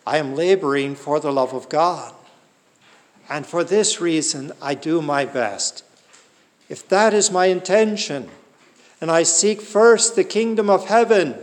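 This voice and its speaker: A man's voice: a little high, long reverb tail. A man preaching a sermon in an earnest way, asking the listeners rhetorical questions.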